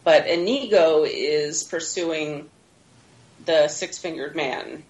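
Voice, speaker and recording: A woman with a somewhat low voice co-hosts a casual podcast chat. She retells a film's plot scene by scene, often laughing and acting out quoted lines. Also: takes it slowly, darkish tone, rough recording. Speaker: podcast co-host. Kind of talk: casual movie recap chat.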